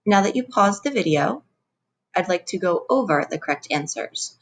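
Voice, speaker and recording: Teacher lady w a low voice going over spanish verbs, calm clear explaining. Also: moderate pace, poor audio. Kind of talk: recorded classroom lesson.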